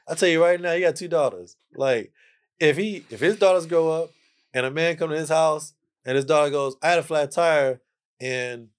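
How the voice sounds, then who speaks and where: A man's voice: a little high, normal speed. A man guest on a casual podcast, playfully lecturing his listeners and repeating phrases for emphasis. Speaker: podcast guest, jazz musician.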